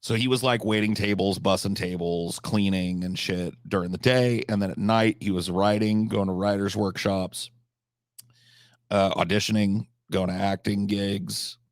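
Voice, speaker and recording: A man hosting a live stream, telling rambling, absurd comic stories with deadpan delivery and profane asides. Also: on the low side, moderate pace, no echo, clean studio sound. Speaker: livestream host.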